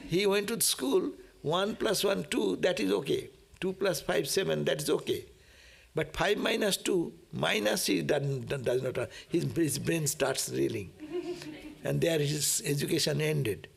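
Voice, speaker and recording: In a slightly high voice marked by vocal fry, a monk moves at a measured pace through a scripture reading, explaining it in a friendly, talkative manner. He frequently laughs, asks "no?", and performs the prayers.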